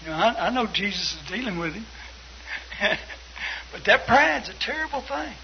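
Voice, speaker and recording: High-voiced older man preaching fervently. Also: sing-song, moderate pace. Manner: fervent, storytelling, swings between loud and hushed. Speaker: preacher giving testimony. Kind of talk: testimony preaching. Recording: dull lo-fi broadcast with faint hiss.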